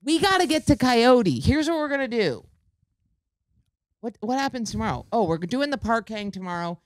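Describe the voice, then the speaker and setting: A man's voice: extremely high pitch, very animated, normal speed, no room sound. A man guesting on a casual comedy podcast, playful and jokey, with a dramatic streak.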